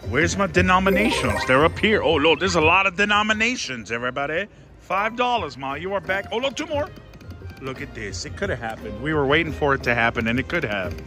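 A man playing slots on a casino floor, giving excitable running commentary and calling out to his viewers and his mom. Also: a little high, fairly quick. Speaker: casino slot vlogger. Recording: casino floor with loud music. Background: slot machine music.

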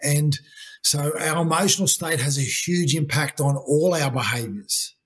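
A husky, slightly higher-pitched man. He talks earnestly and at length as a coaching guest in a conversational interview, looping back on his points. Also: unhurried. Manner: earnest, repetitive, uses "you know" and "mate".

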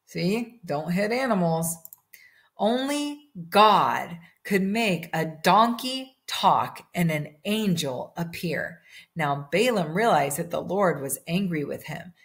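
Slow, low-voiced woman telling a children's Bible story. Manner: animated storytelling, asking the children questions.

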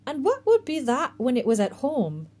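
A woman voicing a homely, motherly ghost woman from the countryside with a warm country voice, sounding dubious in a storybook reading. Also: high voice, huge pitch swings, normal speed, pitched above the performer's own voice, full character voice.

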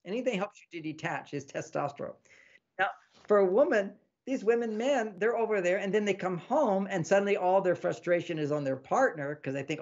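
Gravelly-voiced man, animated teaching. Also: high-pitched, a little fast, lo-fi sound. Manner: animated, acts out dialogues; teaching, repeats lists. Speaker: author guest. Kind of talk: interview talk.

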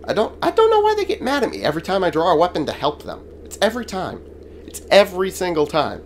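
A man's voice: sits high, wildly swooping pitch, quick pace, slight background noise. Swearing man narrating his gameplay. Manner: profane, sarcastic, exclaiming at enemies. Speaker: gaming channel host. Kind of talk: casual gameplay commentary. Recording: game music behind voice.

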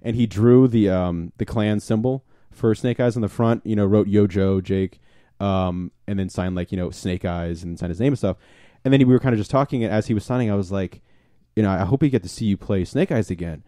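A young man co-hosting a podcast, telling an excited convention story in casual chat, swearing freely and acting out what people said. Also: on the low side, fairly quick, no echo, studio quality. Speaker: podcast co-host.

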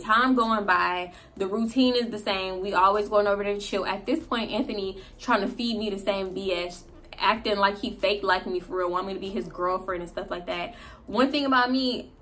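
A woman vlogger in the middle of a story, talking casually and with a lot of energy. Her speech is loaded with slang and profanity, and she throws in quick laughing asides. Her voice sits at a middle pitch. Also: a bit bright.

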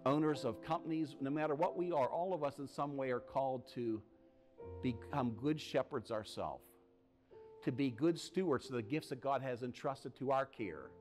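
Earnest priest giving a homily over music. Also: male voice, medium pitch. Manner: earnest storytelling with slow emphatic phrasing. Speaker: parish priest. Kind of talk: short homily message.

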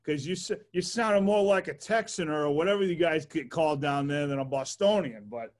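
A man's voice: a little high, moderate pace. Rambling, upbeat male podcast host. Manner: rambling, heavy use of "like", enthusiastic. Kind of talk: casual interview chat.

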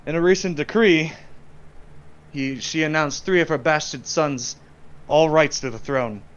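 A man's voice: on the high side, unhurried, fairly bright tone, smooth, muffled recording. A man voicing a loyal young knight who speaks earnestly and politely in a tabletop game.

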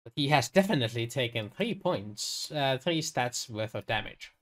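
Running a tabletop game, a man narrates as game master, pausing hesitantly and using fillers. He speaks at a medium pitch and sounds expressive.

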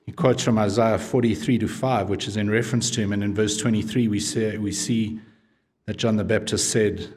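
Conversational preacher man, quiet emphasis. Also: fairly low pitch, steady tone, moderate pace. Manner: asks the audience casual questions. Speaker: pastor. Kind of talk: expository sermon.

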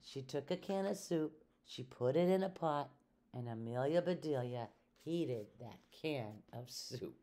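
An older woman, a retired teacher, reading a children's book aloud at a slow, clear storytelling pace. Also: a bass voice, animated, mellow. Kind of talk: children's read-aloud narration.

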